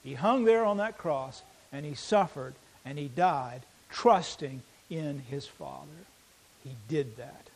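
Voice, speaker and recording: Male pastor, fairly high voice, sermon delivery with dynamic swings between loud and hushed. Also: lively intonation, rough recording. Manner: dynamic, swings from loud emphasis to quiet intensity; reads scripture aloud slowly.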